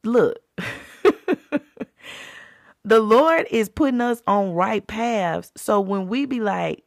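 A woman's voice: medium pitch, expressive, takes it slowly, vocal fry, dry recording, clean studio sound. A woman hosting a faith podcast, talking in a fervent, colloquial, preacherly way. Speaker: podcast host.

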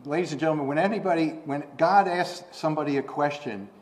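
This fast-talking preacher delivers a chatty sermon full of rhetorical questions and frequent restarts. Quoting scripture pushes his pitch and volume upward.

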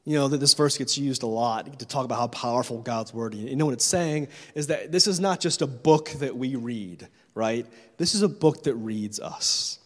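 A man's voice: medium pitch, normal speed, hardly any pauses, long reverb tail. A man preaching a sermon in a church as pastor, making urgent, repetitive appeals to his listeners.

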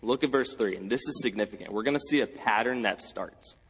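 A man's voice: mid-range voice, brisk, a bit bright, slightly rough, long reverb tail, low-quality recording. A man preaching a sermon as pastor, earnest, repeating key phrases for emphasis. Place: church sanctuary.

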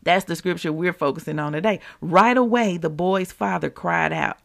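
A woman hosting a devotional show, reading scripture and teaching listeners in an animated, conversational way, calling them y'all. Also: on the low side, normal speed, gravelly, hardly any pauses. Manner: animated, laughs often, addresses listeners as y'all. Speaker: podcast host and preacher.

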